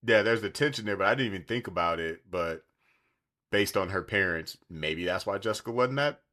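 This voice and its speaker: A man's voice: low voice, fairly quick. A man co-hosting a podcast, chatting casually about a TV series and breaking into voices to act out quotes. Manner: animated, jumps into voices for quotes. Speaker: podcast co-host. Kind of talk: casual TV review chat.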